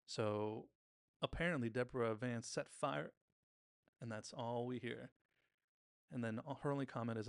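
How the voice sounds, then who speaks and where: A man's voice: mid-range voice, fairly even intonation, normal speed, creaky, long pauses, no room sound, studio quality. A man hosting a podcast, casually recapping a TV episode scene by scene, briefly mimicking the characters' lines.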